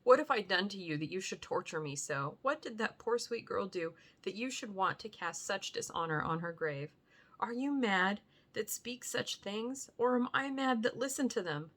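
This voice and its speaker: A woman's voice: mid-range voice, expressive, moderate pace, fairly bright tone, pitched above the performer's own voice. A woman reading aloud and voicing an anguished young nobleman who pleads and cries out in indignation. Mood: indignant. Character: anguished young English nobleman, grieving lover. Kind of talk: audiobook reading.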